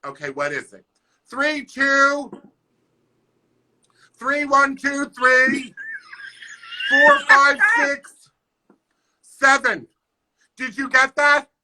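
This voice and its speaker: A man voicing a fussy neighbor woman who reads out her number slowly. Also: very high voice, big pitch swings, sharp tone, voice pushed up, full character voice, rough recording.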